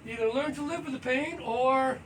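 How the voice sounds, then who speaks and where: A man with a very high, bright voice talks loudly and energetically, rambling through casual motivational thoughts while he stretches and moves around at home. He leans on "you know" constantly. He sits well away from the mic, with faint noise behind him. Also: brisk, recorded from a distance, poor audio. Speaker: fitness vlogger. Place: indoors at home, low ceiling.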